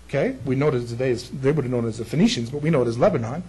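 A man preaching a Bible sermon in an animated, jokey way, acting out the figures he quotes. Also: mid-range voice, rapid-fire, few pauses, breathy edge, low-quality recording.

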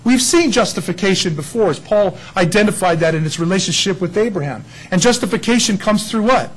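Husky, high, lively preacher. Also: male voice, poor audio. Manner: folksy, joking storyteller. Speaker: pastor. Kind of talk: sermon. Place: church.

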